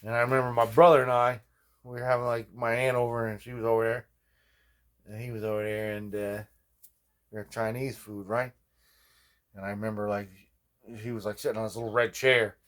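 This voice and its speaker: A man's voice: medium pitch, little pitch movement, fairly quick, pauses often, fairly bright tone. Rambling guitar builder man telling stories. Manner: rambling, digressive, constant "you know what I mean". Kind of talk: casual rambling storytelling vlog.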